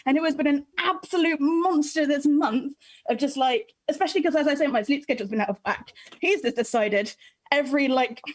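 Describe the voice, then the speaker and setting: A woman on a comedy panel telling a story in a giggly, animated, sweary way over a video call from home. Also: high voice, a little fast. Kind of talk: comedic storytelling on a live stream.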